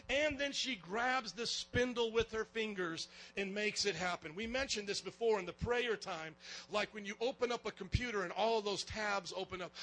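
Bright, high-voiced preaching man. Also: vocal fry, breathy edge, poor audio. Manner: lively preaching, calls for amens and gets loud. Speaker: pastor. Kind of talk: sermon.

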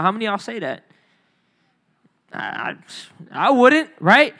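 A youth pastor giving a casual, playful sermon, joking with listeners by name and leading call-and-response lines. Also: male voice, high-pitched, big pitch swings, unhurried, pauses often, bright, forceful tone. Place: church room.

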